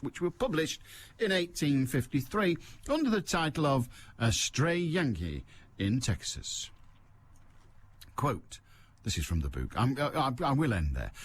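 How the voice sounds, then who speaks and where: Dry, wry older male radio host. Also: mid-range voice. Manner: dry, self-mocking, digressive. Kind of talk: rambling solo radio chat. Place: radio studio. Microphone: studio mic.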